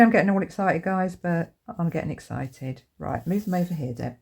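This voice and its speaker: A woman hosting a crafting video, chatting casually to camera and getting excited over her materials, with lots of tag questions. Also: lowish voice, brisk, gravelly, hardly any pauses, breathy edge. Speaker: crafting channel host.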